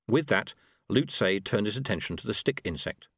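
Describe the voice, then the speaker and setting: A man narrating an audiobook in a wry, expressive storytelling manner. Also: on the low side, moderate pace, breathy edge, no room sound, clean studio sound. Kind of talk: scripted narration.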